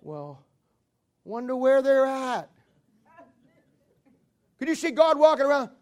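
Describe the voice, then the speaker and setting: A man preaching a lively, joking sermon in a very high voice. He tells stories in a folksy way, breaks into chuckles at his own jokes and acts out the voices of the people in them. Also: slow. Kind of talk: humorous sermon.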